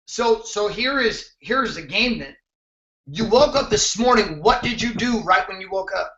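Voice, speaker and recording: A man's voice: high voice, animated, a little slow, bright, forceful tone, reverberant, dull audio. A man hosting a motivational show, talking intensely and emphatically, with some swearing. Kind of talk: motivational talk to camera.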